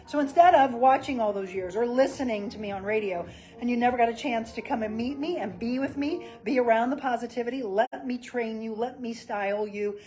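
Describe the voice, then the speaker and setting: A middle-aged personal trainer and life coach from the St. Louis area, Missouri, demonstrates exercises and chats casually during a live stream. Her voice is on the high side, brisk and mellow, with soft background music and poor audio.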